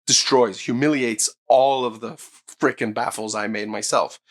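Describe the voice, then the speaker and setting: Mid-range in pitch and moderate in pace, this man hosts his own hi-fi channel. He reviews a speaker straight to camera, enthusiastic and emphatic, swearing as excitement builds.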